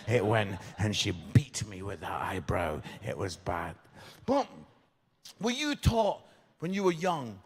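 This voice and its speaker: Jokey English preacher in an echoing hall. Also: male voice, mid-range voice. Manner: jokey, chatty, asks the congregation questions. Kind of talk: humorous sermon storytelling. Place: church hall. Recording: long reverb of a church hall.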